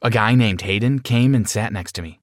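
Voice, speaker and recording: A man narrating a dramatic first-person story in an expressive reading style. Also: lowish voice, brisk, no echo, studio quality.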